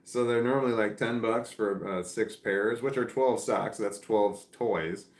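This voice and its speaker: A man hosts a casual livestream, rambling along and reading viewer comments aloud. His voice sits a little low, with many restarts and fillers. The room around him sounds echoey. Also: unhurried. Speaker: livestream host.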